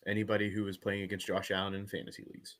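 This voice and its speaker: A man's voice: sits low, monotone, racing, a bit bright. A man co-hosting a sports podcast, recapping games in casual chat with an announcer-like lilt. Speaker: podcast co-host.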